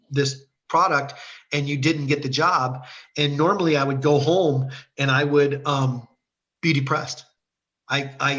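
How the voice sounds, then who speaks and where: A middle-aged man from Ohio shares his faith testimony as a guest. He speaks in a somewhat high voice over a video call. His telling is earnest, and he slips into the voices of the people in his story. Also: fairly bright tone, lo-fi sound. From Ohio, USA. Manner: earnest storyteller who acts out quoted dialogue.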